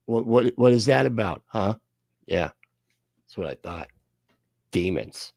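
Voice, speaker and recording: A man's voice: mid-range voice, big pitch swings, slow, pauses often, a little mellow, no room sound. A man hosting a live reaction stream, sarcastic and laughing through his jokey asides.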